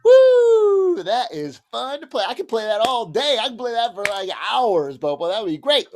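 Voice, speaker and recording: Cheerful and direct, a man with a high, expressive, somewhat bright voice talks briskly to preschoolers during a music lesson, with a bit of hiss or hum present. Singing and drumming break up his explanations in this home video backed by drum and banjo music.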